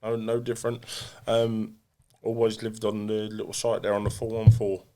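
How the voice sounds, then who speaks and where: A man's voice: fairly low pitch, completely flat delivery, moderate pace, warm tone. An English man, a boxer and podcast guest, talking bluntly and self-deprecatingly with many restarts. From England. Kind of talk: casual podcast interview.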